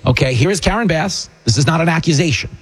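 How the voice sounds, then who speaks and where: A man hosting a talk show, ranting with sarcastic, animated, mocking political commentary. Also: on the high side, fast, background noise. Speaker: radio host and comedian.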